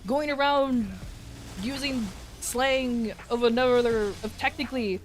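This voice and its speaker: A woman with an American accent and a fairly high voice chats casually on a stream. She rambles through her stories, swears without thinking, and laughs often. Soft music plays faintly behind her. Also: fairly even intonation, measured pace. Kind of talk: casual chat.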